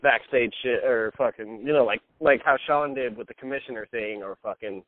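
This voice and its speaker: A man's voice: medium pitch, fairly quick, no room sound. Dry, tinny-sounding young man, casual talk. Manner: casual, profane, short backchannel replies. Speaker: podcast co-host. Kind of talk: casual chat.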